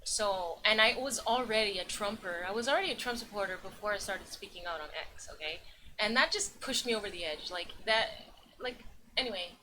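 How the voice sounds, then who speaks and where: A woman's voice: medium pitch, fairly quick, pushed and bright. A woman from Toronto, chatting casually and defensively on a live stream with rambling asides. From Toronto, Canada. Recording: noisy home stream mic.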